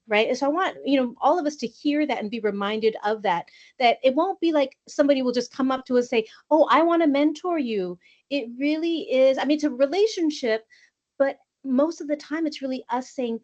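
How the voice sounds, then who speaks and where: A woman moderating a panel, affirming and summing up what the speaker said. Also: on the high side. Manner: affirming, sums up the speaker's points. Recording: muffled lo-fi audio.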